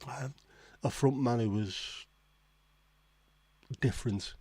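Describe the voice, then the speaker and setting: A man's voice: medium pitch, slow, a little mellow, husky, no echo. A man hosting a casual livestream, reading out viewer comments and reacting with blunt, swearing disbelief. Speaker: livestream host.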